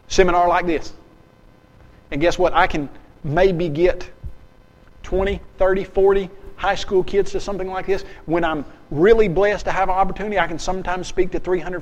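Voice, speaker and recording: High-voiced man lecturing in a hall. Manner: lively and emphatic, acts out dialogues and asks the audience questions. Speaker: seminar speaker. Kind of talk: animated seminar lecture. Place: seminar hall with an audience. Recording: long hall reverb.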